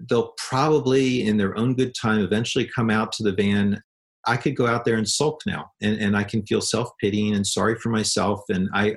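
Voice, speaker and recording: A middle-aged pastor tells a story from family life in a low, gravelly voice. He speaks earnestly and mocks his own failings, and he trips over restarts now and then. The creak runs through much of his speech. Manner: earnest, self-deprecating, with some stammering restarts. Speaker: pastor and counselor. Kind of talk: reflective storytelling talk.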